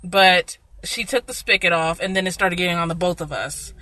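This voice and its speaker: A young woman in casual chat, telling an animated story about work and acting out the people in it. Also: on the low side, normal speed, no echo. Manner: animated storyteller, voices people in her anecdotes, laughs often. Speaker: food service worker telling a story.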